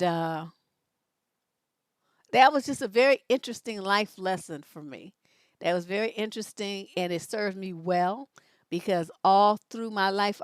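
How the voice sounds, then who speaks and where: A middle-aged woman, a relationship coach and advice host, tells a casual story on a livestream. She's a lively, sassy storyteller with an animated pitch that jumps sharply when she quotes herself. Her voice sounds dry, with no echo.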